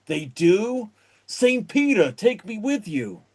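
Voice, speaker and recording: A mellow surfer-dude angel drawls through easygoing, breezy lines, sounding a touch higher than the average man. A man puts him on as a quick improv bit. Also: big pitch swings, heavily acted. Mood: laid-back.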